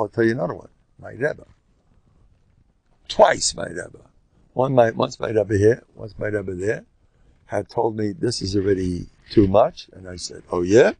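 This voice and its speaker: An older man with a gravelly, husky voice teaches a Torah class, his pitch leaping up and down as he tells stories and acts out the people he quotes. The sound is dry and close, with no room around it. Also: no echo. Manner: animated, acts out quoted speakers, jumps between stories. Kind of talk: Torah lecture, storytelling.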